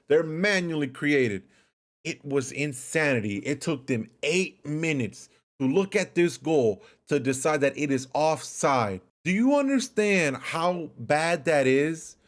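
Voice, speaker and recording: Fired-up man ranting after a match. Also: on the high side. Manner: heated, repetitive ranting. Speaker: football fan vlogger. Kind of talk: post-match rant.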